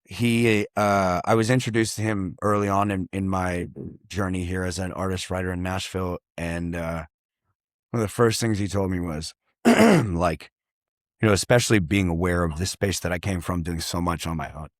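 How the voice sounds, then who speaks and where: A man's voice: low voice, moderate pace, dry recording, studio quality. A man in casual podcast talk, reflective and loose, cursing freely and trailing into fillers. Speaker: guest, artist and songwriter.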